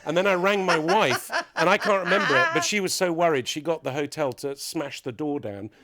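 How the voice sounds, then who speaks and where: A man's voice: a little high, fairly quick, sharp tone, no echo. A middle-aged man, a podcast guest, telling mischievous stories in casual chat and laughing often.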